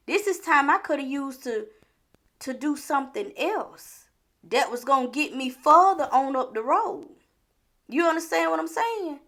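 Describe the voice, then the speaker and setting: A woman vlogger giving a repetitive, preachy motivational talk full of rhetorical questions, sometimes dropping to a low, hushed voice. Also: lively intonation, unhurried.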